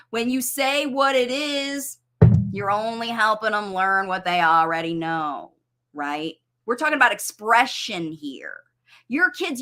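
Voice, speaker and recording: A woman speech-language pathologist coaching parents live, talking with eager, expressive energy. Her voice sits a little high and sounds crisp and bright. Her pitch swoops up and down as she stresses her points. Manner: expressive, enthusiastic, explains with everyday examples.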